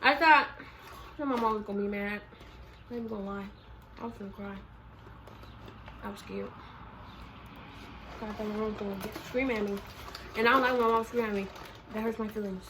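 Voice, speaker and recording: A woman vlogger telling a casual storytime in a slangy, animated way. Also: medium pitch, brisk, pauses often, background noise.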